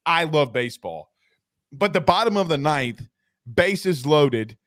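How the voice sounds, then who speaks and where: A man hosts a casual sports show, his voice sitting fairly high. He tells stories with animated, joking energy. The sound is dry and close to the mic. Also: unhurried, no echo. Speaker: sports talk show host.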